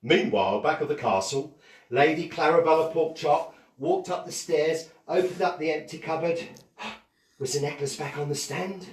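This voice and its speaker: A man's voice: on the high side, normal speed, roomy sound, far from the mic. A man, a children's entertainer, telling a playful story to kids and asking them questions.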